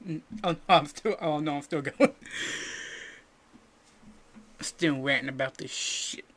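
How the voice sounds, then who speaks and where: A young man co-hosting a podcast, ranting crudely and jokingly, swinging from loud bursts to mumbled asides. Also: on the high side, a little slow. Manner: loud, jokey and profane, drops to mumbling asides. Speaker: podcast co-host. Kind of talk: casual crude rant.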